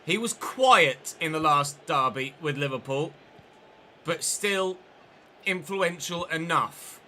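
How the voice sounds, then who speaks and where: A man's voice: on the high side, animated, slow, sharp tone, slight background noise. A man live-streaming a football game, giving play-by-play commentary with chatty asides to viewers. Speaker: gaming streamer.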